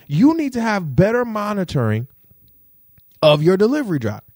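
A young man ranting straight into his phone, fired up and indignant, cursing freely and hammering the same points again and again. His voice sits a little high and leaps all over the place, and the recording is dry and close. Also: huge pitch swings, moderate pace, pauses often, darkish tone, dry recording. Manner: indignant, profane, repetitive rant with big pitch swings. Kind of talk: ranting vlog to camera.

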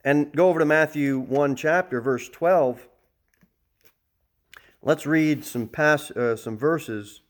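A middle-aged man giving a sermon as pastor, animated, shifting between loud emphasis and soft, calm talk. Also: a little high, slow pace, long pauses.

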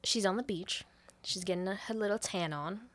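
A woman co-hosting a podcast, casually retelling a movie plot with loose, profane storytelling and quick laughs. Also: mid-range voice. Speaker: podcast co-host recapping a movie. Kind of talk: casual chat.

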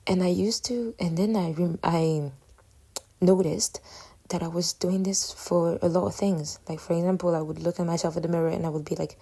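A woman's voice: lowish voice, steady tone, normal speed, creaky, mellow, husky. A woman hosting a casual solo podcast, talking in a candid, reflective, rambling way full of fillers and self-corrections. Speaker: podcast host.

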